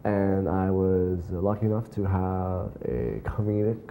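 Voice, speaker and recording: A man, a working actor, answering interview questions in a studio in a halting, eager way, with many fillers and repeated agreements. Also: sits low, gravelly, mellow, slight background noise. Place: television studio.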